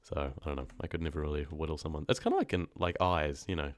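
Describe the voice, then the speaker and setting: Talking fast to his live-stream viewers, a deep-voiced horror narrator and streamer from New Zealand rambles in a laid-back way and laughs easily. The audio is dry and close, without room echo.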